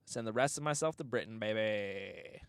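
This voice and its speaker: A man's voice: on the low side, normal speed, clean tone, dry recording, clean studio sound. A man hosting a podcast, telling comic stories in a rambling, profane way and often breaking into laughter. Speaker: podcast host. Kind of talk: casual comedic storytelling.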